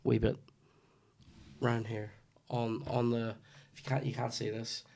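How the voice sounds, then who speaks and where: Guy, 30s, gravelly, telling a funny story on his podcast, swears a lot. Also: mid-range voice, monotone, measured pace, a little mellow. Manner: swears freely, restarts lines, acts out his mum in quoted asides. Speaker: podcast host. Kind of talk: casual comedic storytelling.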